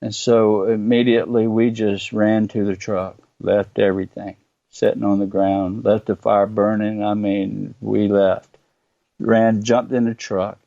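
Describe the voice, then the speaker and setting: A man's voice: on the low side, flat delivery, a little slow, gravelly, warm tone, no echo, lo-fi sound. A man, a radio show guest, earnestly recounting a personal experience in vivid detail, with hesitations.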